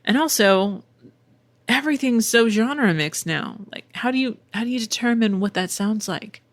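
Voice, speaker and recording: A woman's voice: a little high, moderate pace, no echo. A middle-aged woman hosting a casual solo podcast, chatty and candid, swearing freely with wry asides. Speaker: podcast host and voice actor.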